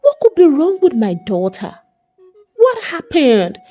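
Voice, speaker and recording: A woman's voice: high voice, huge pitch swings, slow, warm tone, faint music behind, voice pushed up, full character voice. Woman voicing an anxious mother of the bride. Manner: anxious, pleading.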